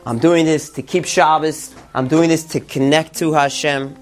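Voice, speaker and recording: A man's voice: on the high side, steady tone, moderate pace, faint music behind, lightly acted. A man voicing Kalman, a weary devout father hauling a stroller up the stairs, musing earnestly.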